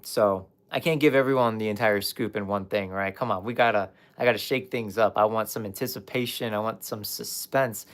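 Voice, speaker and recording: Young male life coach, slightly low voice, candid casual livestream talk. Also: fairly even intonation, a little fast, hardly any pauses. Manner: candid, emotional, swears, talks to chat.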